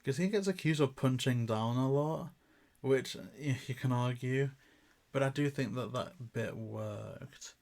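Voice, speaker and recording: A man from the UK co-hosting a review podcast in casual chat, animated and jokey, often stumbling over his words. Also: mid-range voice, measured pace, vocal fry.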